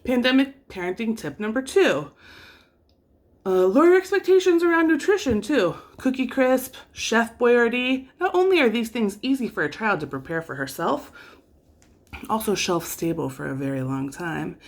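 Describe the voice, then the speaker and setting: A woman's voice: on the high side, animated, normal speed. A woman vlogging about parenting, with a wry, self-deprecating storytelling manner. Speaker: vlogger and mother. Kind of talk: casual vlog storytelling.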